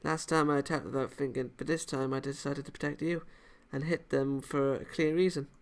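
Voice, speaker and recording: A man voicing an earnest young woman karate student in a visual novel, speaking in a soft girlish register. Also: medium pitch, steady tone, fairly quick, natural voice.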